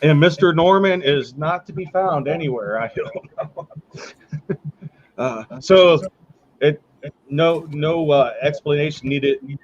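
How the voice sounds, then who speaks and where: A man hosts a casual podcast, cracking jokes and laughing with a loose, filler-heavy way of talking. His voice sits a bit high, and the recording sounds dull and lo-fi. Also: slow, pauses often. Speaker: podcast host.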